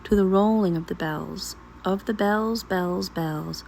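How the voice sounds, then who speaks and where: A woman vlogger reading a poem aloud while cooking at home in her kitchen, in a slow, emphatic recital that draws out repeated words. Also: fairly low pitch, gravelly, darkish tone, slight background noise, low-quality recording. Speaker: vlogger and mother of a large family. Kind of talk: dramatic poetry reading.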